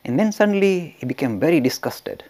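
A man teaching religious history by storytelling, animated and laughing, often restarting his sentences. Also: on the high side, fairly quick. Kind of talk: storytelling lecture.

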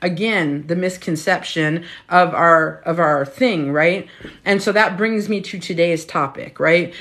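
On a casual live stream from her phone at home, a fifty-something menopause health coach talks frankly and swears without hesitation. Her voice is lowish and fairly bright, and she keeps a measured pace.

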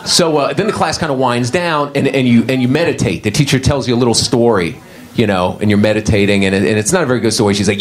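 A man performing a stand-up routine, telling a story and slipping into high-pitched character voices. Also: fast, crowd noise. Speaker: stand-up comedian.

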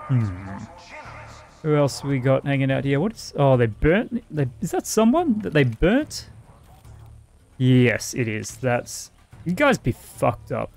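Australian man, gaming host, loose let's-play commentary, cheerfully profane, mid-pitched voice, game music faint underneath. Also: very animated, takes it slowly, gravelly, darkish tone. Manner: casual, swears freely, chats to the game characters.

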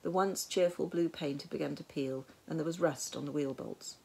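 A woman narrating a storybook tale in a measured, wry way. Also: low voice, creaky, darkish tone, slightly rough. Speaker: audiobook narrator.

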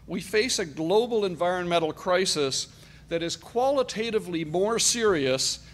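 A middle-aged man from Canada delivering an emphatic, deliberate political speech at a conference. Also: sits high, lively intonation, fairly bright tone. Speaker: conference speaker.

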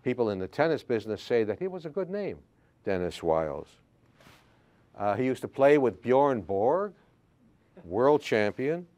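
An older man, a history professor, telling anecdotes in a classroom lecture, halting with frequent fillers. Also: mid-range voice, sing-song, darkish tone.

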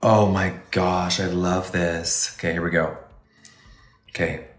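Speaking slowly in a low, level voice, a man hosts a relaxed live makeup review with noticeable reverb. He's gushing and exclamatory, tossing out campy pet names such as "honey" and "baby" to his viewers.

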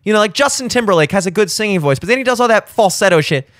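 A man's voice: very fast, no echo, clean studio sound. A man in his thirties, hosting a podcast in casual chat, with profane, opinionated rambling. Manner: profane, opinionated rambling with animated jumps in pitch. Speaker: podcast host. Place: studio.

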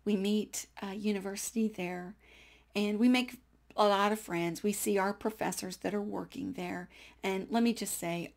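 Woman in her sixties, gravelly storyteller. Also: medium pitch. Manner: animated, drops to whispers for hushed moments; chatty with frequent fillers and small laughs. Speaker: host telling a personal faith story. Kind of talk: personal storytelling.

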